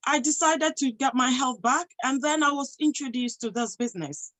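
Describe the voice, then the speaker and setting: A woman's voice: sits high, moderate pace, fairly bright tone, rough recording. A woman giving a motivational talk to an audience, emphatic, posing rhetorical questions and answering them herself. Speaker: motivational speaker and health professional.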